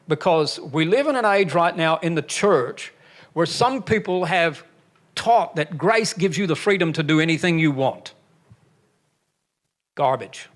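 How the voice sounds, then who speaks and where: Speaking at a measured pace, an animated older Alabama pastor delivers an emphatic sermon, his pitch sitting slightly high for a man, with folksy jokes slipped between his points.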